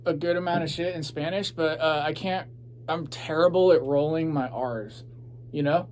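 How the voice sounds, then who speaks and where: Casual young male host, rambly and profane, voice sitting a bit high, faint hum underneath. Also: moderate pace, darkish tone. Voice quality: rambling, laid-back, swears freely, many fillers. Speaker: podcast host and rapper. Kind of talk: casual chat.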